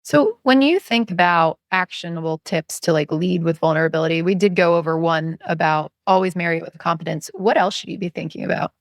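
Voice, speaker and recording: Female host, low and gravelly, conversational questioner, dry close mic. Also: fairly quick, few pauses, no echo. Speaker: podcast host. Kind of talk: interview conversation.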